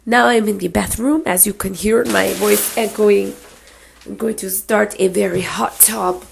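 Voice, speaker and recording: A woman's voice: mid-range voice, fairly even intonation, unhurried, vocal fry, a little hiss or hum. A woman vlogging to a handheld camera at home, teasing and laughing as she slides between put-on accents. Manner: playful, keeps sliding between put-on accents; teasing, laughs often, swears. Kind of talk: casual self-filmed monologue. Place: home, moving into a bathroom. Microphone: handheld camera at arm's length.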